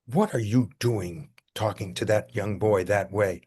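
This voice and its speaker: A man's voice: lowish voice, unhurried, darkish tone, slightly rough. An older man voicing a stern mother firmly ordering her young son. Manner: firm, commanding.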